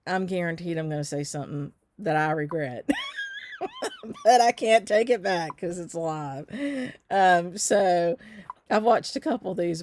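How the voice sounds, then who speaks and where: A shop owner from the Southern United States hosts a casual live stitch stream, chatting and answering viewer comments with lots of ums. Her voice is lowish and a little mellow.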